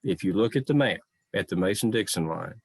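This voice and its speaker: Deep-voiced man telling a folksy story. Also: animated, a little fast, vocal fry, slightly rough, no room sound. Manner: folksy, anecdotal, quotes others in conversation. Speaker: living historian speaker. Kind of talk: storytelling talk.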